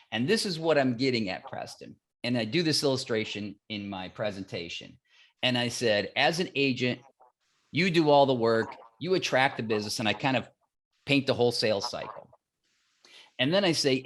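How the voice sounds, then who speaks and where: A man as a guest on a podcast interview, explaining his business with animated stories and acted-out dialogue, often repeating phrases for emphasis. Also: medium pitch. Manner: animated storytelling, acts out dialogue. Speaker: mortgage platform guest.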